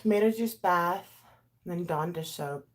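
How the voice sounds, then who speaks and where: A woman chatting casually and rambling through a makeup tutorial, with lots of fillers and asides. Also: normal speed. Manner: animated, swings in pitch and loudness. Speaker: YouTuber doing a makeup tutorial. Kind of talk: casual chat while doing makeup, talking to live chat.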